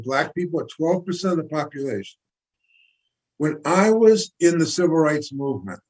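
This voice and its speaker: A man's voice: on the high side, husky, rough recording. An older man, a guest activist, speaking with emphatic, preacherly fervor in an interview, repeating figures for effect. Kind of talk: impassioned interview talk.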